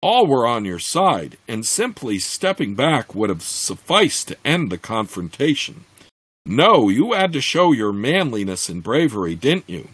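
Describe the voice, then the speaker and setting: A man voicing a stern, scornful female weretiger who scolds others in a storybook reading, in a husky voice. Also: medium pitch, sing-song, a little slow, a bit bright, no echo, full character voice. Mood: scolding. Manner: scornful, commanding.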